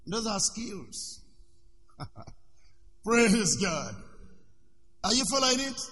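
A man, a pastor preaching a sermon with sudden shouts and questions to the congregation. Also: high-pitched, sing-song, slow pace, in a large hall. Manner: preaching with shouts and call-and-response.

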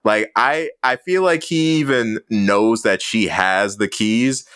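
A man co-hosts a casual film podcast in a low voice with a dry, close sound. He talks earnestly and at length about a scene and swears casually along the way. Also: expressive, a little slow, hardly any pauses, fairly bright tone, smooth, dry recording. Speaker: podcast co-host.

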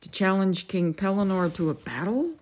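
A woman's voice: medium pitch, animated, moderate pace, a little mellow, lightly acted. A woman voicing a polite, earnest young boy in a storybook reading.

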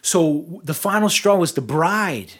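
A man's voice: high voice, normal speed. A man co-hosting a casual talk show, telling a bartending story with lots of swearing and acted-out dialogue. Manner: animated, profane storyteller acting out dialogue. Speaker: podcast co-host.

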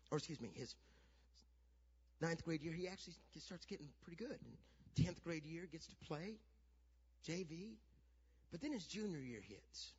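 Middle-aged male pastor, husky and fairly high-voiced, storyteller who builds to a shout. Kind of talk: sermon. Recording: dull lo-fi sound.

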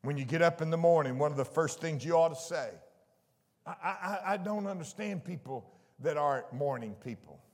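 A man preaching a fervent sermon to his church, shouting out exclamations. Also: a little high, a little fast. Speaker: pastor. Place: church sanctuary. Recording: echoey church hall with congregation.

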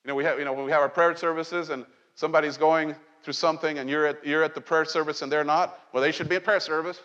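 In a big church sanctuary, a male pastor with a slightly high voice gives a loose, conversational sermon, talking fast, joking, and asking the congregation questions. His animated preaching with asides sounds dull and muffled, ringing with long reverb.

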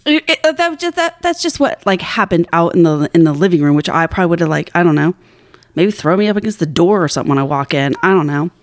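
A woman's voice: on the low side, sing-song, fast talker, no room sound, clean studio sound. A woman co-hosting a podcast, telling a long, rambling story in casual chat with a lot of swearing and self-mockery. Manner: rambling, profane, self-deprecating. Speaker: podcast co-host.

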